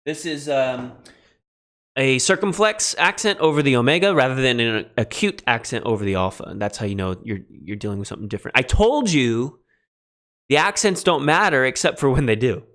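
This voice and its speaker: A man teaching a beginning Greek lesson on a livestream, relaxed and self-deprecating, spelling words out letter by letter. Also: mid-range voice, fairly quick. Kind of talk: livestreamed lecture.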